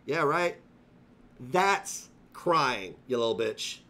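A man's voice: medium pitch, expressive, extremely slow, pushed and bright, slight background noise. A male live streamer delivering a profane, confrontational rant full of taunts. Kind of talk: livestream rant.

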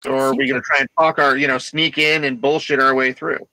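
A man at a tabletop game who thinks through tactics in long, probing questions. His voice is bright and forward, and the close, dry mic leaves no room sound. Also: mid-range voice, little pitch movement, no echo, poor audio. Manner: lays out plans in long deliberate questions. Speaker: player. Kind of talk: casual tabletop game chat.

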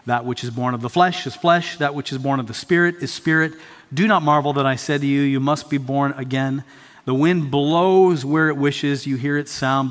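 In a church sanctuary, a pastor preaches a sermon emphatically, repeating his key phrases. His voice is slightly high and a bit bright, ringing out in the large hall.

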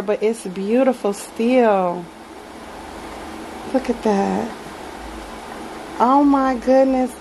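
Her voice sits on the high side and is a little mellow, captured in a rough recording with some hiss or hum. A reborn doll collector and vlogger, she unboxes a doll in her home nursery, chatting casually and gushing affectionately at viewers she keeps calling y'all.

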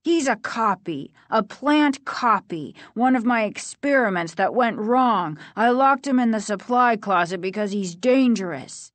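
An angry scientist father scolds and warns in slow, forceful words, as a woman puts him on. The storybook reading sounds dry and close. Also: a little high, lively intonation, dry recording. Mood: angry, alarmed.

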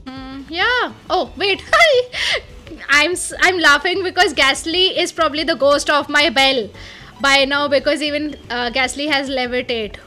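High, bright-voiced excitable woman gamer. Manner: excitable, thinks aloud with many fillers. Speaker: let's play gamer. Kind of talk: casual game commentary.

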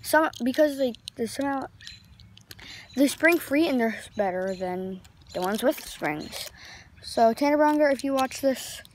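Rambling woman vlogging outdoors, noisy audio. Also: medium pitch. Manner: rambling, filler-heavy excited chatter. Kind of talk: casual vlog chat. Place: outdoors on a backyard trampoline.

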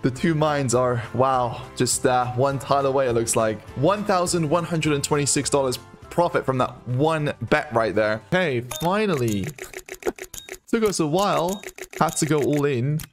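A young man giving live, excitable commentary on online casino bets, counting numbers aloud and exclaiming at every win. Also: medium pitch, a little slow, faint music behind.

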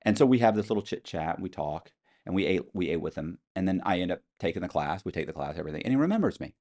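A man with a fairly low voice tells a story in a casual interview, his pitch leaping around as he acts out the people in it. He is blunt and swears freely. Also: fast. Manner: animated storyteller acting out quoted voices. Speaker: interview guest.

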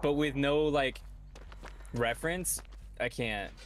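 A man chatting with friends while gaming, rambling with lots of fillers and getting excitable. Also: mid-range voice, slow pace, slight background noise. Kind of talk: casual gaming chat with friends.

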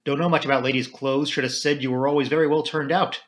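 A man voicing a gruff middle-aged army major who talks in clipped, terse phrases. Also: mid-range voice, steady tone, fast, lightly acted. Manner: clipped, terse, drops sentence subjects.

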